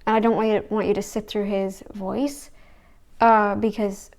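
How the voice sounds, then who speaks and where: A woman's voice: medium pitch, flat delivery, moderate pace, darkish tone. Sarcastic woman rambling through reaction commentary. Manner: rambling, sarcastic, talks back to the clip.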